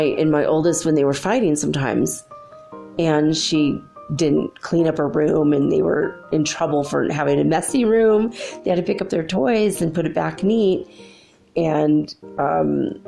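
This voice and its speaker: A woman's voice: low-pitched, vocal fry, warm tone. A middle-aged woman hosting a spiritual talk show, telling stories in a chatty, rambling way with many fillers. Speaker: spiritual channel host. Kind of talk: casual spoken monologue.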